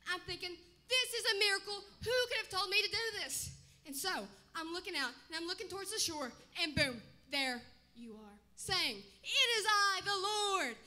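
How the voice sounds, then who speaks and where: A woman acting out an eager, talkative male fisherman disciple in a comic church skit, telling his story in rambling, breathless runs that break into shouts. The voice sits very high and sounds extremely bright and forceful. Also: expressive, normal speed, hardly any pauses, full character voice. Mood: excited.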